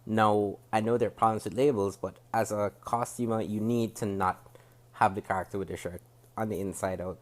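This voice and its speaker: A Jamaican man with a fairly low voice gives a spoken review straight to camera. His delivery is critical and measured. He breaks off and restarts sentences as he works through his points. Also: fairly even intonation. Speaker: TV show reviewer. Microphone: camera facing the speaker.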